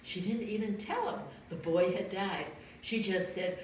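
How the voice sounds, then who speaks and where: A woman tells a story to children in a gentle, explaining way, stopping now and then to ask them questions. She sits well back from the microphone in a very echoey room, with faint noise underneath. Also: medium pitch, unhurried, few pauses, distant mic.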